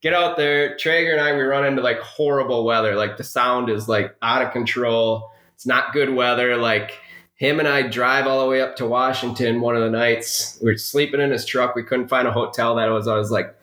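A man's voice: medium pitch, normal speed. A man telling a long, rambling story in casual conversation as a podcast guest, acting out the people he quotes. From Minnesota. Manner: rambling, animated anecdote with quoted dialogue. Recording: roomy echo.

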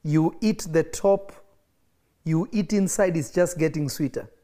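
A man preaching a livestreamed sermon with a fairly high voice. He is emphatic and drives each point home by repeating phrases. Now and then he coughs or laughs between points. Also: measured pace, mellow.

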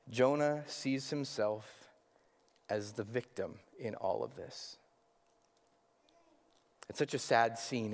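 A male pastor preaching a sermon, earnest and probing, asking his listeners rhetorical questions. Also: medium pitch. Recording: hall with long reverb.

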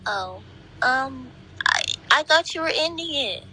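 A woman's voice: high-pitched, lively intonation, measured pace, sharp tone, poor audio. A woman co-hosting a casual podcast, giggly, teasing and protesting, recorded on a phone voice memo app. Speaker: co-host. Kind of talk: casual chat.

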